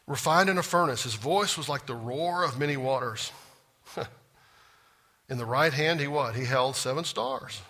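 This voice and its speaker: A man's voice: medium pitch, a little slow, sharp tone. A man teaching a Bible class in a church classroom, folksy and drawling, often stopping to quiz the group. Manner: folksy, asks the class questions.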